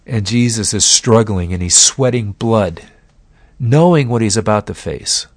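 A man preaching a sermon, telling the story dramatically and slowing down to stress key words. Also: fairly low pitch, lively intonation, no room sound.

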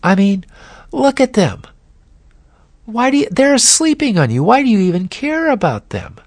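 Man putting on a high wheedling devil. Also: big pitch swings, moderate pace, no room sound, heavily acted. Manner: high wheedling coaxing voice, sometimes hissed whisper. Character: sly taunting male devil tempter. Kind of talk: sermon illustration.

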